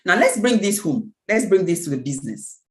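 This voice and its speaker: A woman's voice: on the low side, sing-song, fairly quick, a little mellow, roomy sound, poor audio. A woman speaking at a team meeting, giving an emphatic motivational talk with repeated phrases and a preacher-like cadence. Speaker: network marketing team speaker.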